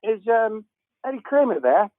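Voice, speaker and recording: A man imitating a polite, soft-spoken British man on the phone, with a British accent. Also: high voice, very animated, normal speed, dry recording, pitched above the performer's own voice. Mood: polite query. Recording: narrow phone-like line.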